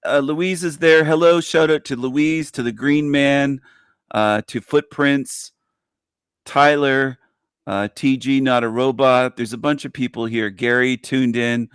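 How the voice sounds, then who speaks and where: A man's voice: steady tone, a little slow, clean tone, no echo. Laughing man on a dry home mic. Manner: bursts into high laughter, reads chat aloud. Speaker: livestream co-host. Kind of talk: casual livestream chat.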